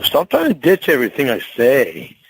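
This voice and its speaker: Medium-pitched but swinging wildly up and down, this male voice moves at normal speed over a little hiss or hum on a rough recording. It belongs to a truck driver fighting at home, profane and rambling, constantly stumbling and starting over.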